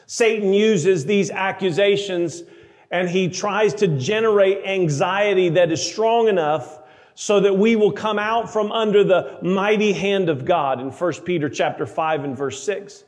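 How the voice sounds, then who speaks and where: A man preaching a sermon, emphatic, slowing down to read scripture aloud. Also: sits high, long reverb tail. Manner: emphatic, slows for scripture readings.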